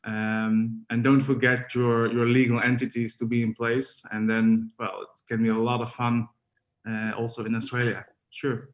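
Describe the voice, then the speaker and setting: A man's voice: medium pitch, monotone, normal speed. A man from the Netherlands with a Dutch accent, a podcast guest speaking hesitantly with many fillers. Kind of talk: casual podcast interview.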